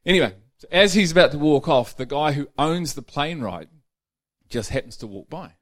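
A man's voice: fairly high pitch, expressive, normal speed. A man preaching a sermon in a chatty, storytelling way, moving into earnest teaching. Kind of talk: sermon with a told joke.

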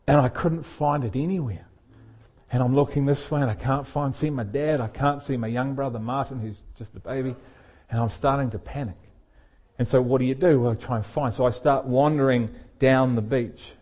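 A man's voice: mid-range voice, darkish tone. A middle-aged man, a pastor telling a personal story in a sermon and laughing often as he speaks. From England.

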